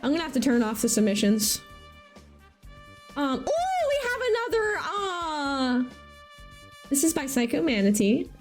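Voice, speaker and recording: A woman's voice: high voice, big pitch swings, measured pace, pauses often, soft background music. A woman hosting a live stream, chatting casually and reacting animatedly to viewers' artwork. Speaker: livestream host showcasing community art.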